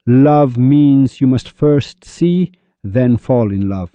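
A man giving a spiritual lecture on love, animated and full of rhetorical questions, acting out the voices of the people he quotes. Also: medium pitch, slow pace, dry recording. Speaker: Sufi speaker. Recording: dull lo-fi recording.

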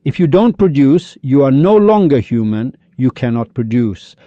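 A man's voice: mid-range voice, big pitch swings, normal speed, no room sound. A man giving a rambling spiritual lecture that drifts between questions to the audience and retold stories with quoted dialogue. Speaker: religious speaker. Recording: dull lo-fi recording.

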